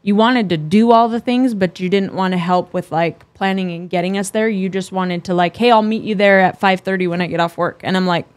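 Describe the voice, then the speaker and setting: A woman's voice: mid-range voice, fairly even intonation, a little fast, hardly any pauses. A woman in her thirties, a guest on her husband's show, talking directly and matter-of-factly in a casual chat. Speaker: guest, host's wife.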